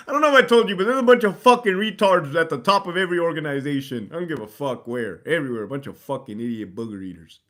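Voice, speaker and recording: A livestream host chats casually with his audience, swearing freely, laughing, and reading chat aloud. His voice is fairly high and fairly bright, animated and quick with hardly any pauses.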